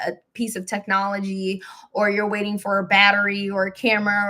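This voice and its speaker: A woman hosting a spiritual live stream, talking casually and encouragingly with some laughs and relaxed colloquial phrasing. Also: medium pitch. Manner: warm, chatty, with laughs, mild self-deprecation and AAVE phrasing.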